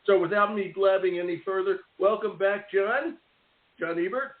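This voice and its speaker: A man's voice: high voice, moderate pace. A man hosting a radio interview in a chatty, rambling way, often repeating and restarting his words. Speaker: radio show host. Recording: tinny phone-like line with roomy echo.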